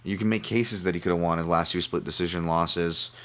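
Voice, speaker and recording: A man with a deep, fairly bright voice speaks briskly with fairly even intonation. He hosts a podcast, delivering a casual betting analysis monologue on his fight picks, rambling, self-deprecating and often restarting sentences.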